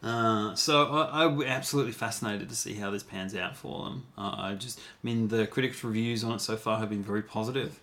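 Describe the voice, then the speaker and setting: An Australian woman co-hosting a casual movie chat, with quick, dry, teasing quips. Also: very deep voice, a bit bright. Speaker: podcast co-host.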